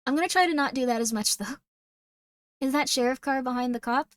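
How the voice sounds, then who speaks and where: A woman's voice: high voice, a little fast, no echo. A young adult woman hosting a stream, chatting casually and rambling as she reacts to videos. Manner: rambling, chatty, filler 'like'. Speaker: streamer host.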